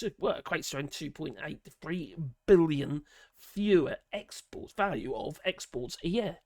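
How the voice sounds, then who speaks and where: A British man with a raspy voice, talking in a sarcastic, exasperated rant and swearing freely. His pitch swoops up and down as he talks. The sound is dry and close, with no room echo. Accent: British English. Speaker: political commentator. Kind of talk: casual ranting commentary.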